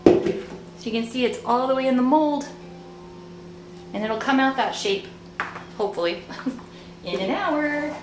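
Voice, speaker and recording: A woman's voice: on the high side, normal speed, long pauses, roomy sound, background noise. A young woman hosting a casual cooking demonstration, chatty and playful, joking at her own expense. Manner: chatty and playful, laughs at herself. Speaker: cooking video host.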